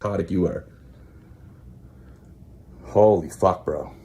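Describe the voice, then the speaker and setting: A man's voice: low-pitched, slow pace, dark tone, slightly rough. A man ranting angrily in a clip, hurling profane accusations at rivals. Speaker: rival streamer in a played clip. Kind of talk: angry rant.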